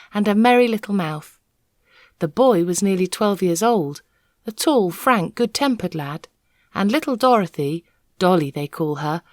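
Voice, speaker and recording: A woman reading a children's novel aloud, an expressive, measured storyteller. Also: mid-range voice, dry recording, studio quality. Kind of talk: expressive read-aloud narration.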